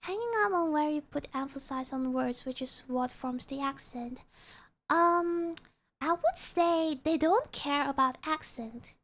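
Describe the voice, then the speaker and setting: Young woman streamer, high voice, casual chat, mutters notes to herself while writing. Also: unhurried, a bit bright.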